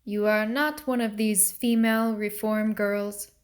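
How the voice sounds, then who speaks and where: A woman reading the part of a stern, formal middle-aged male mill agent in a storybook, questioning in a measured way. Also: medium pitch, fairly even intonation, close to an everyday voice.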